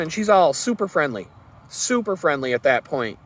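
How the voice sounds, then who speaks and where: A man's voice: a little high, sing-song, normal speed. A man vlogging a personal story in an earnest, rambling way, with fillers and restarts.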